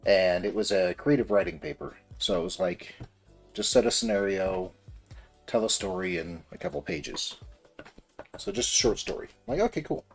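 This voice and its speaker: Casual rambling man with a low voice. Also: very animated, moderate pace, creaky, husky, soft background music. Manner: rambling, many fillers and restarts. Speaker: streamer building a model kit. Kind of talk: casual storytelling while building.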